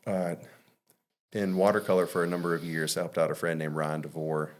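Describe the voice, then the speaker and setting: A man's voice: sits low, steady tone, fairly quick. A man from Mississippi, a podcast guest telling stories in a loose, rambling way full of fillers and restarts. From Mississippi, USA. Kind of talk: casual storytelling.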